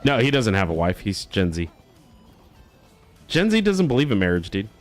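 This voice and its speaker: A man hosting a live game stream in casual chat, swearing, joking and breaking into loud excited laughter. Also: lowish voice, normal speed, soft background music. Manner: profane, jokey, bursts into loud excited laughter. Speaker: streamer host.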